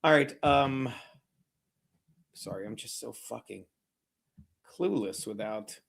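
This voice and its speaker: A man's voice: medium pitch, animated, slow pace, vocal fry, breathy edge. A man live-streaming a game watchalong, swearing constantly, rambling and mocking viewers while fiddling with his browser. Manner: brash and mocking. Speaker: streamer hosting a betting watchalong. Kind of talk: live-stream commentary and chat.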